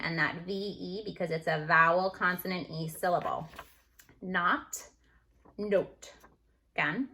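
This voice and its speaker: A woman teacher going over a phonics lesson on a video call, slowly sounding out letters and words. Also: fairly low pitch, vocal fry, bright, forceful tone. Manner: slow, deliberate, sounds out each letter. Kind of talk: recorded phonics lesson review.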